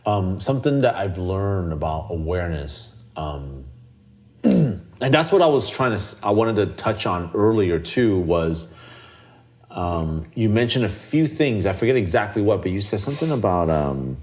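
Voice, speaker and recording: A man with a deep, low-pitched voice hosting a relaxed podcast conversation. He talks earnestly, circling back and restarting as he reaches for the right words. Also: moderate pace. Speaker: podcast host. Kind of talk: casual conversational podcast chat.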